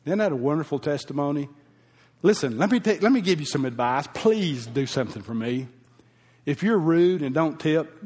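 Preacher guy telling a story from the pulpit, kinda high voice, heartfelt, reverby church hall. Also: animated, normal speed, a little mellow. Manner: folksy, heartfelt storytelling, emotional at times. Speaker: pastor. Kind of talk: sermon with personal story.

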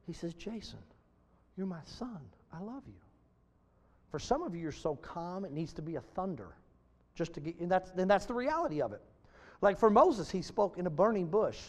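A high-voiced man preaching a sermon in a hall with a long echo trailing after each phrase. He is high-strung and swings between loud, emphatic bursts and soft, almost whispered lines.

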